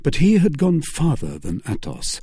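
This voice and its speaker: Husky, expressive male audiobook narrator. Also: a little high, no room sound, clean studio sound. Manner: expressive, measured storytelling. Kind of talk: scripted narration of a classic novel.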